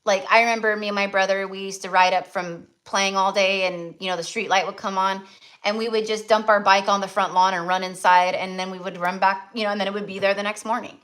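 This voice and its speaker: A middle-aged woman rants casually to her livestream viewers, her speech loose and packed with filler words. She talks in an animated, rambling style, with swearing and quick asides. Her pitch sits in the middle range for a woman. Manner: animated, filler-heavy ranting with frequent "like" and swearing. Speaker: tarot reader hosting a livestream. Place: rural home.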